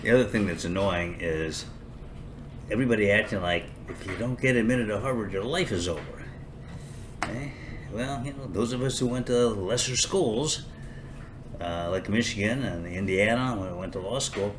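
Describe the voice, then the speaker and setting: An older man hosts a podcast in a sarcastic, rambling style and pokes fun at himself as he goes. His voice sits on the low side. A faint hum runs under the recording. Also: moderate pace. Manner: sarcastic, rambling, self-mocking. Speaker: podcast host. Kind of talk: casual comedic podcast monologue.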